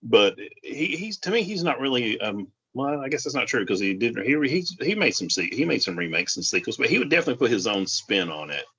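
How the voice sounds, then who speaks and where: A man co-hosting a podcast, talking casually about films in a halting way with many restarts. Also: mid-range voice, sing-song, sharp tone, husky. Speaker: podcast co-host. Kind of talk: casual film discussion. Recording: dull lo-fi sound.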